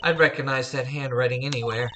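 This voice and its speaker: A man voicing a grumpy, sarcastic young woman detective in a video game, with a flat, curt delivery. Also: mid-range voice, quick pace, noisy background, close to an everyday voice.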